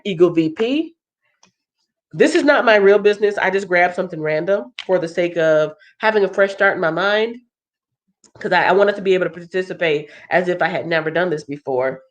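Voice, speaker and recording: A woman with a lowish voice hosts a casual livestream. She sounds stuffed up and congested, and she chats loosely as she thinks aloud. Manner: chatty, thinking aloud with fillers. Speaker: livestream host.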